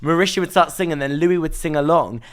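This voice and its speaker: A man's voice: a little high, quick pace. A young man, a podcast guest, telling gossipy stories in casual chat and acting out other people's lines.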